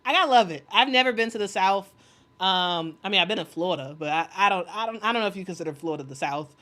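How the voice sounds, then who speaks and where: A woman's voice: medium pitch, animated, fast, sharp tone. A woman hosting a casual sports livestream, reading chat aloud, rambling with many fillers and restarts, and often laughing with enthusiasm. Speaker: sports commentary host reading live chat.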